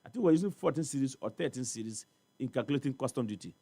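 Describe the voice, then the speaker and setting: A man's voice: mid-range voice, lively intonation, rapid-fire, gravelly, warm tone, breathy edge, no room sound. A man with a Ghanaian accent, speaking as a studio guest on a morning talk show, emphatic and repetitive, full of rhetorical questions. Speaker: studio guest on port trade. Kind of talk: animated talk-show discussion.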